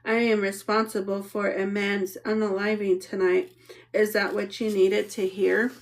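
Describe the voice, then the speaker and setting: A woman's voice: mid-range voice, little pitch movement, measured pace, a little hiss or hum, natural voice. A woman reading the part of a blunt, sarcastic middle-aged mother. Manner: blunt, exasperated.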